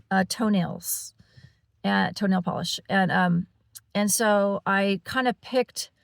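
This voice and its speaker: A woman's voice: medium pitch, no echo, clean studio sound. A woman telling a personal story to her camera in a casual, rambling way, with lots of fillers and restarts and frequent small laughs. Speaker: paranormal channel host.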